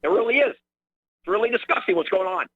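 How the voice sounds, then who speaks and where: A man's voice: fairly quick, no echo. A man calling in to a radio talk show, ranting indignantly. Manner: indignant ranting, lively pitch swings. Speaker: caller. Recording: dry muffled phone line.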